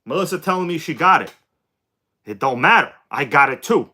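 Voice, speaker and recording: A man hosting a live stream in a loose, joking way, calling out viewers by name as he goes. His voice sits a little high and swings widely in pitch. The tone is bright and forward. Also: animated, a little fast. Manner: joking, chatty, greets chat viewers by name. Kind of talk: casual live-stream chat.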